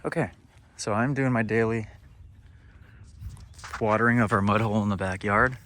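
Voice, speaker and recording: A man talking casually in a vlog, coaching a young rider and then musing in a relaxed, reflective way in his backyard. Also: fairly low pitch, moderate pace, slight background noise, rough recording. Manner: coaching calls to a child rider; hushed, almost whispering. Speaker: vlogger and motocross coach. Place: outdoors at home, backyard.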